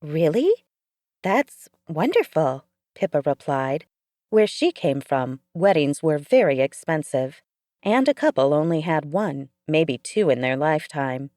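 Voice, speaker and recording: A woman narrating audiobook fiction in a measured, even manner. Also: deep voice, dry recording, studio quality.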